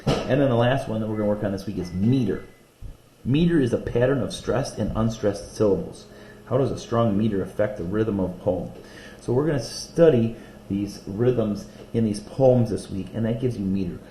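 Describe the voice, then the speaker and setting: A male teacher in a recorded lesson video, explaining vocabulary and reading short poems aloud slowly and rhythmically. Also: fairly low pitch, mellow, reverberant, slight background noise.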